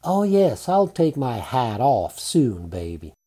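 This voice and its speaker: A man reading a smooth-talking confident bachelor. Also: mid-range voice, sing-song, slow pace, warm tone, exaggerated voice. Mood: playful.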